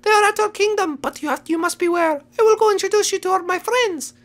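A woman voicing a jittery, overeager male white rabbit in a game role-play, talking in a hurried, pleading way. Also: extremely high pitch, voice pushed up. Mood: eager, pleading.

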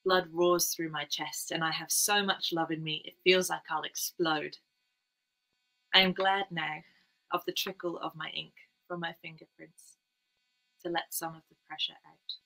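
A young woman reading her own literary piece aloud in a measured, quiet first-person voice. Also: low-pitched, level tone, vocal fry, rough recording. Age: young adult.

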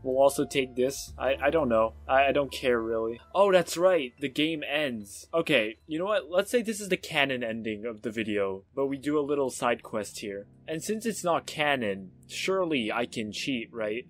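A man giving casual, sarcastic let's-play commentary on a strategy game, with excitable outbursts and self-mocking asides. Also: mid-range voice, moderate pace, few pauses. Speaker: gaming YouTuber.

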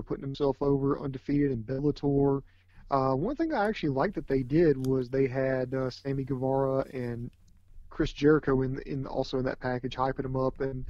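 A man's voice: mid-range voice, steady tone, brisk, no room sound, dull audio. A man co-hosting a casual wrestling review, joking easily and talking with many fillers. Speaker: podcast co-host.

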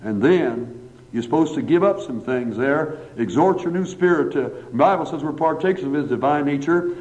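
A pastor preaches a sermon in a church hall and then prays, using emphatic rising phrases and long repeated lists. His voice is a little high, expressive, and darkish, at a moderate pace. The church recording is dull and lo-fi.

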